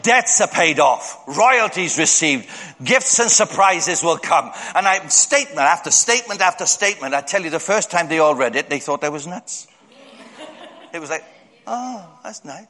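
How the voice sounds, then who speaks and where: A man preaching a sermon in a church hall, telling stories and jumping up high to act out other people's voices. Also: animated, moderate pace, sharp tone. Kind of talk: storytelling sermon. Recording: long hall reverb.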